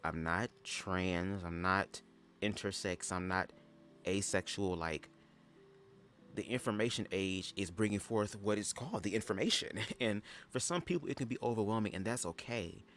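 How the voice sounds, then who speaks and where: A man's voice: lowish voice, normal speed, a bit bright, a little hiss or hum. A young man giving sassy, chatty commentary on a livestream, often calling listeners "girl". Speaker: livestream host reading a book aloud.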